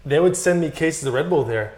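A man's voice: a little high, brisk. A man rattles off stories at speed, dropping swear words as he goes. He sounds like a guest on a laid-back podcast. His voice bounces around a roomy, echoing space. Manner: profane, animated storytelling. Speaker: pro BMX rider guest. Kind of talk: casual podcast chat.

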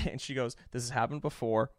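A young man casually telling a story in animated fashion, swearing freely, laughing often and mimicking other people. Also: mid-range voice, brisk, no room sound, studio quality.

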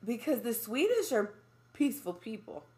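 A woman's voice: on the high side, sing-song, moderate pace, a little mellow. A young woman co-hosting a casual chat podcast, joking and blunt with plenty of swing in her delivery. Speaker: podcast co-host.

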